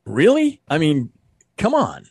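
A man, a ministry leader and guest, telling stories with earnest, animated energy in an interview. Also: a little high, takes it slowly, vocal fry, husky, no room sound, clean studio sound. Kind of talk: storytelling interview.

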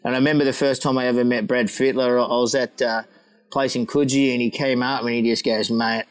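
A man's voice: mid-range voice, flat delivery, brisk, rough recording. A middle-aged man, a former pro surfer, telling a rowdy anecdote with laughs and acted-out quotes. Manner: laughing storyteller, acts out quotes.

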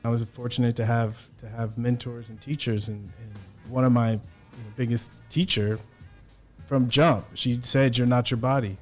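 A man speaks slowly and thoughtfully about meaning in his life, pausing and restarting as he looks for the right words. His voice sits at an ordinary middle pitch. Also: fairly even intonation, soft background music. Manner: reflective, earnest, searching for words. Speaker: podcast guest, former athlete. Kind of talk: reflective interview talk.

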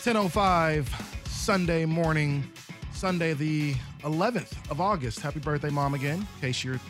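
A man's voice: on the high side, moderate pace, over music. A man hosting a sports radio show, talking casually and rambling in a self-deprecating way.

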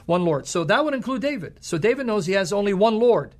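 Man teaching on radio, high voice, emphatic, lecturing, quoting verses. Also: big pitch swings, fairly quick. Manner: emphatic, lecturing, quotes scripture. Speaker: co-host, Bible teacher.

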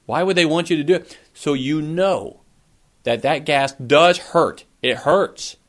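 A man's voice: a little high, measured pace, fairly bright tone. A middle-aged man preaching a sermon, earnest, asking his listeners questions, with a cough now and then. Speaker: pastor.

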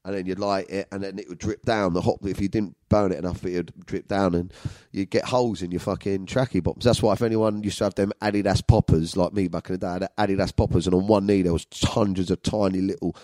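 A man with a London accent rambles through crude stories, swearing freely. His voice sits very low, and the room is dead dry with no echo. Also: steady tone, fast talker, mellow. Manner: rambling and profane, laughing at his own stories. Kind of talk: casual storytelling monologue.

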